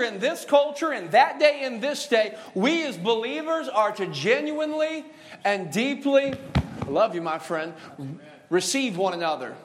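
A male pastor preaching a sermon, joking with the congregation and calling for responses, stretching out key words. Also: high-pitched. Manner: call-and-response preaching, drawn-out emphasis; jokey, laughing asides. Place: church sanctuary.

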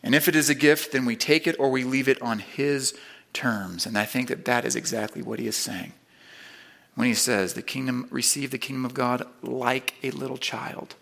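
A man preaching a sermon, emphatic, building to loud repeated stresses and then dropping low and quiet. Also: fairly even intonation, moderate pace, vocal fry.

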